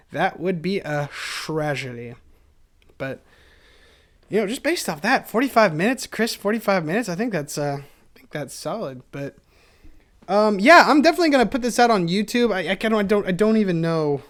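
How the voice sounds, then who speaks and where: A man's voice: a little high, fairly bright tone. A young man hosting a solo podcast, talking in a chatty, self-mocking ramble and laughing often, recorded on a camera mic. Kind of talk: rambling casual monologue.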